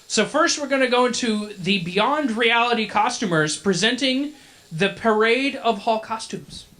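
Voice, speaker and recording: A man's voice: very high-pitched, lively intonation, a little slow, sharp tone. A man emceeing a convention masquerade, telling a joking story on a handheld mic as filler. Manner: joking, chatty filler banter. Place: convention event hall. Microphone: handheld microphone.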